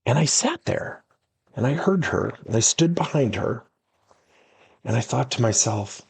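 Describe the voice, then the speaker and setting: Gravelly, animated coach. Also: male voice, medium pitch, measured pace, no echo. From United States. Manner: animated, acts out dialogue in stories. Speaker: workplace coach and podcast host. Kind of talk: storytelling coaching talk.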